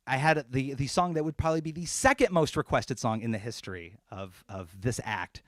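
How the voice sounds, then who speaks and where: A man's voice: mid-range voice, brisk, dry recording, studio quality. A man talking casually between songs at a live-streamed concert in his apartment, then rapping with a punchy, rhythmic delivery. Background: loud hip hop beat.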